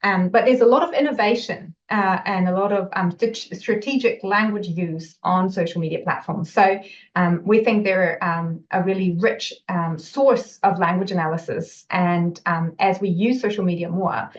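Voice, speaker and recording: A woman linguistics researcher giving a recorded academic talk in a measured way, often pausing on um and uh. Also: on the low side. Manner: measured, with frequent um and uh fillers. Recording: slightly dull lo-fi audio.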